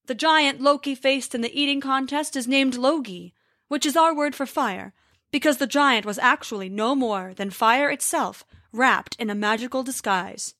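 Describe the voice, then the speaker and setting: A woman voicing a male giant who calmly explains his tricks in a storybook tale. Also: sits high, normal speed, no room sound, clean studio sound. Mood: explaining. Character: huge cheerful male giant.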